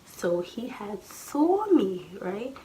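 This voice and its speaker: A young adult woman telling a childhood story in a casual vlog, animated and slangy, acting out what her family said. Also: mid-range voice, extremely slow, slight background noise. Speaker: storytime vlogger.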